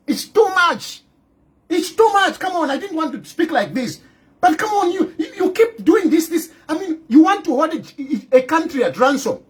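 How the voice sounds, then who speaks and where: Indignant Zambian man ranting to camera. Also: very high voice. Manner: indignant, repetitive, rhetorical questions. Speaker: political commentator. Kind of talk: impassioned video monologue. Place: in exile abroad.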